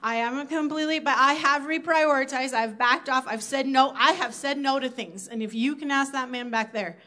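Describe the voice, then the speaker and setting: A woman's voice: high voice, normal speed, bright, forceful tone. A woman from South Dakota giving an earnest, conversational sermon to her church, acting out her own inner thoughts as she goes. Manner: earnest, conversational preaching with acted-out inner quotes. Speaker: church speaker.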